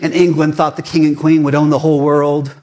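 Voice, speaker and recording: A male pastor in his forties preaches a sermon in a fired-up, conversational way, swinging between loud emphasis and hushed asides. His voice is on the high side, and his delivery is flat and fairly quick.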